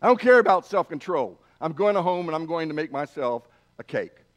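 A man doing an excitable, cookie-greedy toad. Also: fairly high pitch, moderate pace, natural voice. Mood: excited. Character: impatient cookie-loving male toad.

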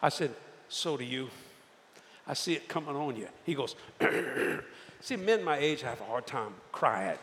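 An older man preaching a storytelling sermon, folksy and animated, acting out the voices of the people in his tales. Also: medium pitch, a little slow, slight background noise. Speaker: evangelist. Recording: echoey hall with faint ambience.

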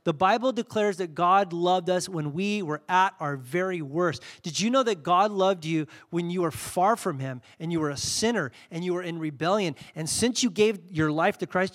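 Fervent middle-aged pastor, soft to loud. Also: male voice, high-pitched. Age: 40s. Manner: conversational, builds to loud fervent peaks then drops soft. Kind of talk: sermon.

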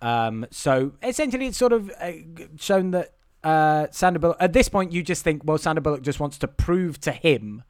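A man with a fairly high voice talks through a movie plot in a loose, rambling way. He fills his sentences with ums and uhs and restarts them. The sound is dry and close, with no room around it. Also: expressive, moderate pace, a little mellow, clear, resonant tone, dry recording. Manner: rambling recap with many fillers. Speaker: podcast co-host. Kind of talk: casual film discussion.

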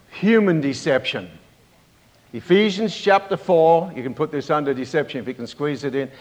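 A man preaching a Bible-teaching sermon, pausing often with fillers and restarts and asking the congregation for amens. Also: on the high side. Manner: halting, with many fillers and restarts. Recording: dull lo-fi recording.

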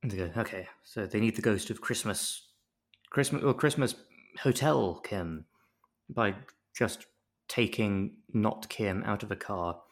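A man's voice: on the low side, measured pace. A man co-hosting a podcast, chatting casually and jokily acting out quotes in different voices. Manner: animated, jokey, acts out quotes in voices. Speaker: podcast co-host recapping a TV episode. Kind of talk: casual chat.

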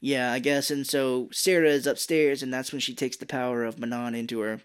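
A woman's voice: extremely low pitch, steady tone, brisk, clear, resonant tone. A woman co-hosting a podcast, casually retelling a film scene by scene, swearing freely and acting out quotes. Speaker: podcast co-host. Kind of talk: casual movie recap chat.

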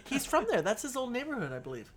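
A woman from California co-hosting a podcast, chatting casually in an emphatic, animated way, laughing often and swearing now and then. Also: fairly high pitch, fast, over a noisy crowd. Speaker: podcast co-host. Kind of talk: casual chat.

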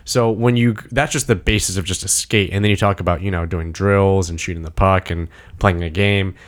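Young man, low-pitched, excitable storyteller, casual swearing. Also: brisk. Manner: excited, swearing, acts out movie quotes. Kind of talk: casual chat.

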